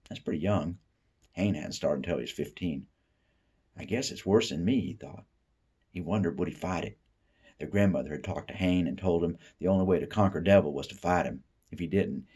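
A man from the Appalachian United States reads a short story aloud in a deep, husky voice. His reading is expressive, sinking soft and low whenever he voices the character's private thoughts. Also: brisk. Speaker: reader.

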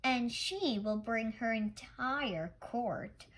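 A lively little girl, played by a woman reading a storybook begs to stay up with earnest urgency. The voice lifts noticeably higher and fuller than the narration. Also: drawn-out words, heavily acted. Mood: pleading. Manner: eager, pleading. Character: busy, stubborn little girl.

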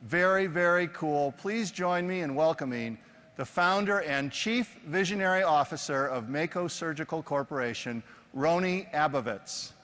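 A man's voice: a little high, moderate pace, fairly bright tone. A man hosting an on-stage interview, asking jokey leading questions with many fillers. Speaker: host, interviewer. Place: large conference stage before an audience. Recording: long hall reverb with faint background noise.

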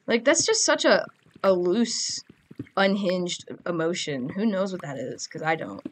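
A woman's voice: fairly low pitch, expressive, measured pace, a little hiss or hum. A teenage girl giving casual, goofy gameplay commentary, chatting and rambling to her audience. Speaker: gamer.

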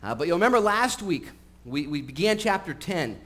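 A man preaching a sermon in a church, talking casually with frequent fillers and getting animated as he tells stories. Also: a little high, normal speed. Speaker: pastor. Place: church sanctuary. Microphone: live-streamed recording.

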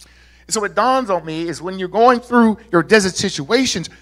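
A male pastor preaching a lively sermon to a congregation, with casual asides and laughs. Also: high-pitched, moderate pace. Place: church sanctuary.

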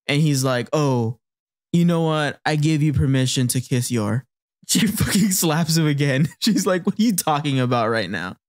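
A man's voice: on the high side, animated, moderate pace. A man co-hosting a podcast, chatting casually and recapping an anime, laughing often and acting out character lines. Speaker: podcast co-host.

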